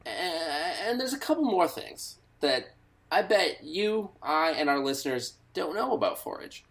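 A man's voice: a little high, big pitch swings, a little slow, a bit bright. A man co-hosting an improvised comedy podcast, prompting his partner in a mock-earnest interviewer manner. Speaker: podcast co-host.

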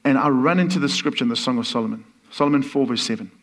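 A man preaching a sermon as a guest speaker, earnest and building from soft, quiet phrases to excited exclamations. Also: medium pitch, rapid-fire.

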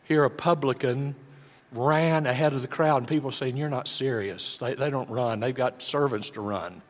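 A man's voice: mid-range voice, normal speed, in a large hall. A man preaching a sermon, dramatic, with big shifts in volume for emphasis. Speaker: pastor.

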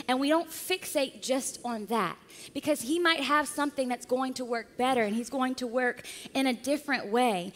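A woman pastor preaching a sermon, lively and acting out the voices of people in the story. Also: sits high, in a large hall.

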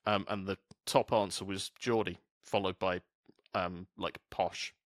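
A man's voice: deep voice, fairly even intonation, measured pace, no room sound, clean studio sound. A man from the UK hosting a casual podcast chat, rambling through asides and swearing freely. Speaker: podcast host.

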